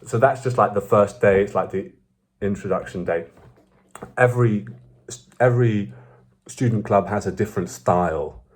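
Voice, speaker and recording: A rambling young Belgian man, a vlogger whose first language is French, tells a casual story. His voice sits on the low side at a moderate pace with long pauses, and his manner is animated, meandering and full of self-corrections.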